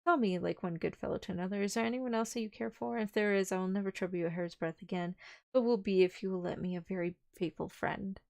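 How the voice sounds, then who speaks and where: A woman puts on an earnest young Texan cowboy, a hearty man who talks in homespun slang. His voice carries a gravelly edge and sits at an ordinary middle pitch. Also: fairly even intonation, fast talker, darkish tone, lightly acted. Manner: folksy slang, hearty and sincere.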